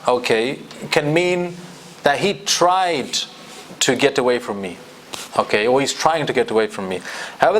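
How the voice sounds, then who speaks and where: A man's voice: mid-range voice, a bit bright, a little hiss or hum. A man teaching a Quran commentary class, explaining and asking his students questions. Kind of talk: classroom tafsir lecture.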